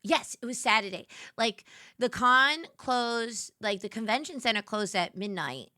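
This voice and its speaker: A woman's voice: fairly high pitch, animated, unhurried, bright, forceful tone, no echo, studio quality. A woman hosting a casual late-night livestream, chatty and giggly, greeting viewers and playfully sassy. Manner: giggly, chatty, reads and answers chat. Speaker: livestream host.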